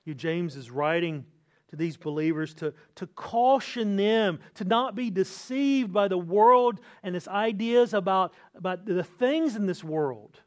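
A middle-aged man preaching a sermon as a pastor, earnest, slowing down and lifting his voice on key words. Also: high-pitched, expressive. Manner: earnest preaching, slows and lifts voice for emphasis.

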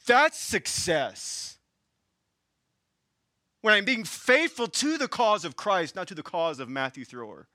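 A man with a Southern US accent preaching a sermon as pastor, passionately shifting between hushed and raised delivery. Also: sits high, sing-song, slow, long pauses, dry recording, studio quality.

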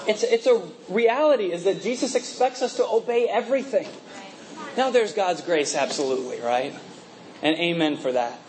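A man's voice: sits high, darkish tone, slight background noise, poor audio. A young man preaching a conversational sermon, full of rhetorical questions and laughing asides, with a mixed accent. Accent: mixed, from working in a multinational office.

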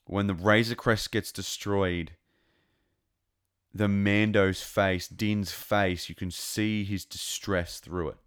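A man giving a casual, rambling and excitable review of a TV episode. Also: fairly low pitch, takes it slowly, clear, resonant tone. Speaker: show reviewer.

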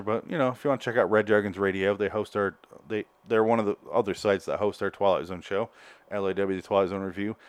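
A man's voice: lowish voice, clean tone, no room sound. A man hosting a solo podcast, reviewing an episode in a rambling, joking way that keeps correcting itself. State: out of breath. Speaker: podcast host.

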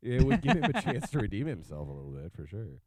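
Lively joking man, dry close mic. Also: on the low side, fast talker, dry recording. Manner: joking, animated, swears casually. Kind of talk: casual chat.

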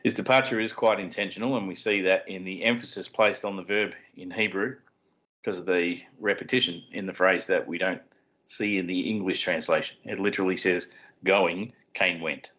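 Deep-voiced man, explaining. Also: steady tone, a little fast, pushed and bright. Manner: explanatory, with wry puns. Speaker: podcast co-host. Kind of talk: casual chat and Bible teaching. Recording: dull lo-fi sound.

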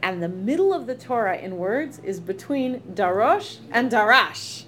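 A woman's voice: fairly high pitch, animated, a little slow, a bit bright. A woman teaching a text study in a chatty way, reading verses aloud and translating them with asides. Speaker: Torah teacher.

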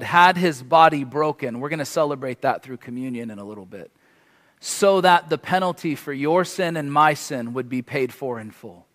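A man's voice: a little high, a bit bright, big-room sound. A man preaching as a guest, delivering an impassioned sermon that builds to emphatic peaks and closing in prayer. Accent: foreign to the congregation, from across the ocean. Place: church hall.

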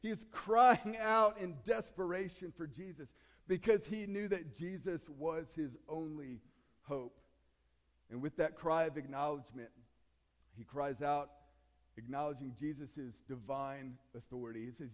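A man's voice: fairly high pitch, measured pace. Man preaching with hall reverb. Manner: conversational preaching, acts out voices. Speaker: pastor. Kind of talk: sermon.

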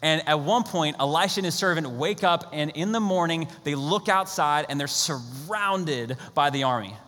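A man preaching a sermon with a bright, forceful voice pitched a little high. He talks in a casual, energetic way and acts out the characters as he retells a story. His voice rings with the long echo of a large hall. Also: normal speed. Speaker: pastor.

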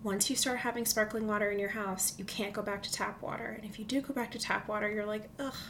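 A woman hosting a casual solo podcast from a comfy chair at home, chatty and excitable, often dropping to a near whisper. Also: medium pitch, fast talker, background noise. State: recovering from illness, walking with a limp. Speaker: podcast host. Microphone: studio microphone.

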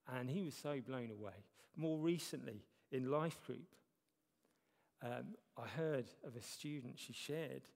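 A man's voice: mid-range voice, a little slow, vocal fry, darkish tone. A man preaching a sermon as a church elder, talking conversationally with self-deprecating humor. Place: church hall. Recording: long reverb of a church hall.

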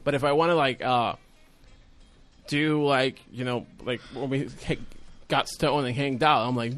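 A man with a Puerto Rican accent, Spanish being his first language, spins a rambling story in a relaxed chat. He swears freely and bursts into loud acted-out quotes. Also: mid-range voice, unhurried, soft background music. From Puerto Rico. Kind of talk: casual chat.

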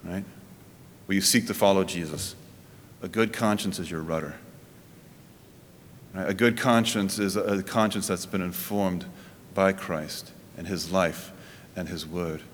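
A man giving a sermon as a pastor, in a conversational preaching manner that climbs and drops in pitch, with frequent restarts. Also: a little slow, long pauses, in a large hall, slight background noise.

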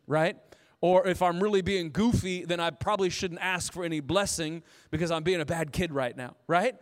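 A man in his thirties preaching a sermon as pastor, telling stories in an animated way and quoting himself. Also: sits high, moderate pace. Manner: animated, storytelling with self-quotes. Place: church auditorium. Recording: long reverb of a large hall.

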